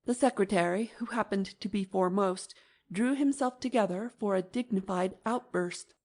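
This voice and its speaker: A mellow woman narrating an audiobook. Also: medium pitch, moderate pace.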